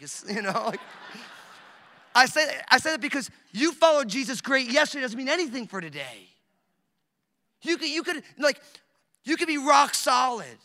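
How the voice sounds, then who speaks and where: A man in his thirties preaching a sermon as a pastor, telling jokey stories in an animated way with lots of fillers. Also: high voice. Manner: animated, joking storytelling with many fillers. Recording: echoey hall recording.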